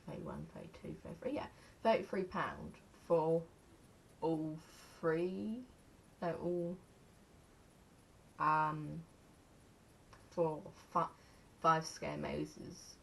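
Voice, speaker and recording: Slow, gravelly English young woman vlogging. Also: low voice, a little hiss or hum. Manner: rambling, counting aloud, self-mocking. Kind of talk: casual chat to camera.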